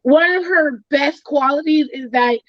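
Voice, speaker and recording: A woman hosting a podcast in casual chat, telling an animated story, acting out what others said and swearing freely. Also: high-pitched, a little slow, no echo, lo-fi sound. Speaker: podcast host.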